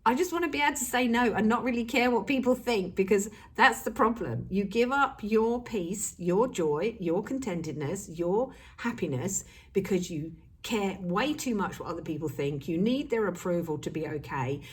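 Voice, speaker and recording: A woman's voice: mid-range voice, lively intonation, moderate pace, few pauses, husky. A woman speaking as a self-help coach in an earnest, emphatic motivational talk, repeating key words for stress.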